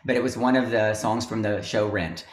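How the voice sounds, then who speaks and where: A low-voiced man talking about teaching choir on a video call. He rambles and restarts his sentences, and the audio sounds roomy and echoey. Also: fairly even intonation, moderate pace. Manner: rambling, many fillers and restarts. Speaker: choral music teacher. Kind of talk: casual video-call conversation.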